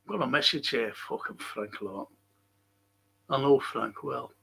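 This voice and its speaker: A man's voice: mid-range voice, moderate pace, gravelly, a bit bright, husky, rough recording. A man hosting a casual livestream chat, reading out viewer comments and ranting bluntly with plenty of swearing. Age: older.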